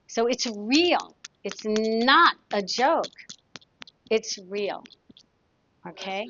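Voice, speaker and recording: Woman therapist chatting away, kinda high voice, muffled dry recording. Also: expressive, drawn-out words, long pauses, pushed and bright, slight background noise. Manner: chatty, demonstrative, tells anecdotes. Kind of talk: casual teaching talk. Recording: dull, dry lo-fi sound.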